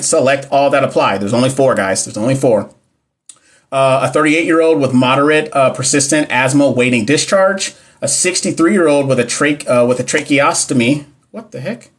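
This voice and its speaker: A man's voice: fairly high pitch, expressive, normal speed. A young man hosting a casual livestream, reading exam questions and answering chat in a playful, slangy way. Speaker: livestream host teaching nursing exam questions. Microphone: phone or computer mic on a live stream.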